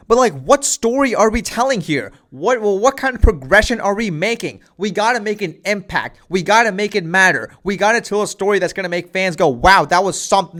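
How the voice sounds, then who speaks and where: A man's voice: high-pitched, fairly bright tone. A man giving casual wrestling commentary, rambling with lots of filler phrases.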